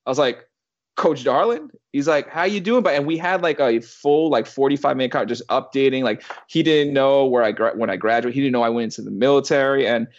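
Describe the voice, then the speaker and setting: A man in his thirties tells a long personal story in a loose, rambling way, circling back through restarts and the occasional curse. His voice sits at an ordinary middle pitch. The recording sounds slightly dull and lo-fi. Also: fast talker, few pauses. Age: 30s. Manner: rambling, with many restarts and swearing. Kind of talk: casual storytelling.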